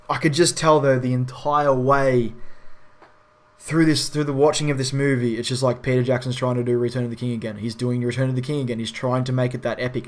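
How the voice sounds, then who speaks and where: A man giving a casual spoken film review in a frustrated, ranting way with frequent swearing. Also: medium pitch.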